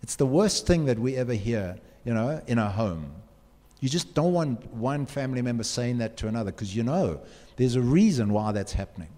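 A man's voice: mid-range voice, lively intonation, normal speed, mellow. A man gives an earnest motivational talk to students, asking them direct questions. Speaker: speaker addressing students. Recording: long hall reverb.

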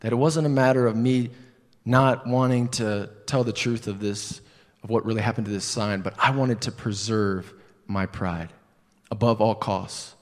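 A man's voice: lowish voice, fairly even intonation, moderate pace. Man preaching a sermon in a reverberant hall. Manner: conversational storytelling with rhetorical questions.

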